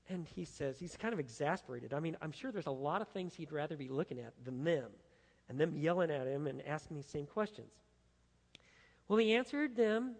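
Male pastor, dramatic sermon delivery, highly animated intonation, long hall reverb. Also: brisk. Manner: emphatic, dramatic, acts out the quotes. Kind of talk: expository sermon.

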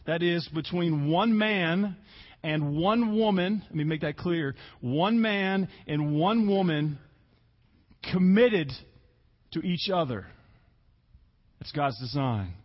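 A man preaching a sermon as pastor, earnest, stressing key words slowly and repeating himself for emphasis. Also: sits high, dull audio.

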